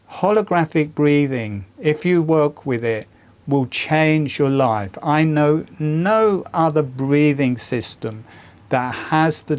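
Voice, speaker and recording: An older man teaching a breathwork practice in a calm, deliberate, earnest way. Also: a little high. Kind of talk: slow guided instruction.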